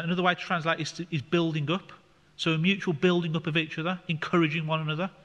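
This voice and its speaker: A man's voice: on the high side, sharp tone. A man leading a Bible study, explaining scripture in a conversational way with fillers. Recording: long hall reverb.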